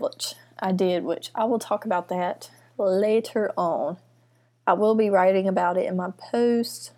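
A young woman hosting her first solo podcast from her apartment, chatting in a rambling, nervous and excited way with lots of fillers. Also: medium pitch. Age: young adult. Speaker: podcast host. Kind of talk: casual solo podcast chat. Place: student apartment. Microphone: computer mic.

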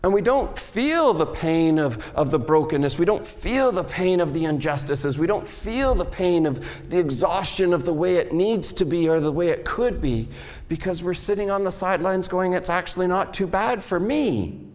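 A man's voice: high-pitched, animated, normal speed, darkish tone. A middle-aged man preaching a sermon in an earnest way, repeating himself and acting out cried prayers. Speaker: pastor. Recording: long hall reverb.

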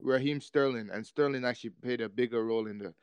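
A man's voice: mid-range voice, fast talker, clean tone, dry recording. A man co-hosting a podcast, bantering casually about football and teasing his friends with lots of slang. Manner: teasing, laughs loudly, slang-heavy. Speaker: podcast co-host.

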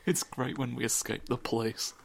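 A man's voice: mid-range voice, little pitch movement, normal speed, gravelly, a little hiss or hum. A man co-hosting a casual chat, answering with wry, teasing remarks. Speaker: podcast co-host.

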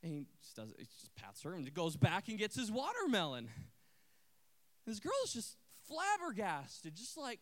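A man preaching a sermon, telling a story with drama and dropping from hushed lines to loud exhortation. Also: high voice, sing-song, normal speed. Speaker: pastor.

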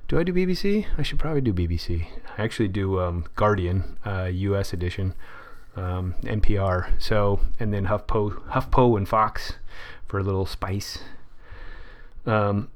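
A man's voice: lowish voice, normal speed. Rambling man reading headlines. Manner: rambling, thinks aloud with many fillers. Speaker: podcast host. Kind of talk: casual solo podcast, reading headlines.

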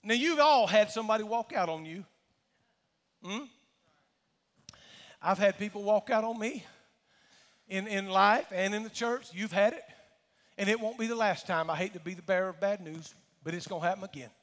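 A man's voice: high voice, normal speed, long pauses, a bit bright. A male pastor, preaching a sermon with dramatic swells. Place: church sanctuary. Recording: long church hall reverb.

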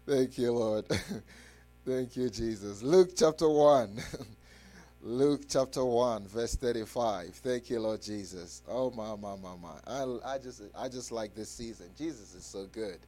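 A male pastor preaching a radio sermon, fervent and full of restarts and praise interjections, leading his listeners in loud call-and-response repetition of scripture. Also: medium pitch, unhurried, slight background noise. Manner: shouting scripture with the congregation.

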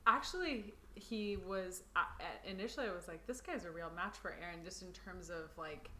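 A young woman with a bright voice tells a story as a podcast co-host, acting out her reactions as she goes. A faint ambient hiss sits behind her. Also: fairly low pitch, moderate pace. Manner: animated storyteller, acts out reactions. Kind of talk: casual chat.

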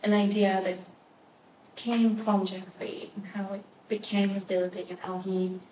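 A woman interviewing, asking long questions in a slow, measured way. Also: medium pitch, level tone, mellow. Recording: distant and echoey, faint room noise.

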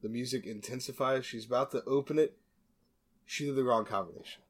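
The host's medium-pitched voice is fairly quick and slightly rough as he jokingly walks through a movie plot on his podcast, with many asides and restarts.

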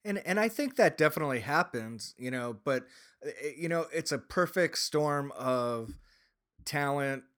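A man's voice: on the high side, lively intonation, a little slow, fairly bright tone, clear, resonant tone. A man from Green Bay co-hosting a podcast, ranting about sports in a casual, rambling way, full of restarts, and rising into heated outbursts. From Green Bay, Wisconsin. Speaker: podcast co-host. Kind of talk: casual sports talk rant.

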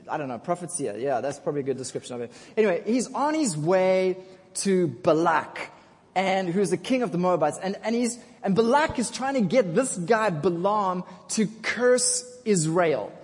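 A pastor with a high, expressive voice preaches at a moderate pace in a church with long hall reverb. He tells his sermon like a casual, jokey story, calling out to the congregation for responses.

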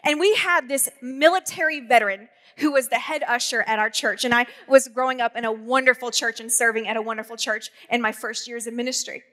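A woman pastor in her thirties preaching a sermon, telling stories with quick asides and humor. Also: a little high, fairly even intonation, a bit bright. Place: church auditorium. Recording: long hall reverb.

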